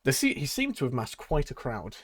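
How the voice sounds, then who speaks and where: A man's voice: medium pitch, huge pitch swings, brisk, a bit bright, dry recording, studio quality. Man hesitantly narrating a tabletop game. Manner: hesitant, many fillers. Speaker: game master.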